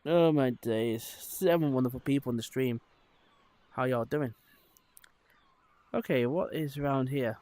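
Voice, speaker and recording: A man's voice: medium pitch, unhurried, long pauses, mellow. A man chatting casually to his viewers while exploring in a VR headset, rambling with lots of fillers. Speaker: streamer. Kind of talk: casual live-stream chat.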